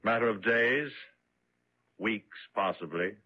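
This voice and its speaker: An actor playing a calm, detached male prison keeper who speaks in an unruffled, matter-of-fact way, in an old radio drama. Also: fairly low pitch, slow. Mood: cool. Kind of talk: 1950s radio drama acting. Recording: tinny phone-like old radio recording.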